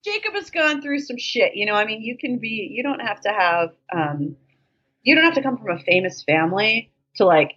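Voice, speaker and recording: Podcast guest, woman: jokey, profane, animated storyteller, somewhat low voice, muffled lo-fi sound. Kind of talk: casual chat. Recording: dull lo-fi sound.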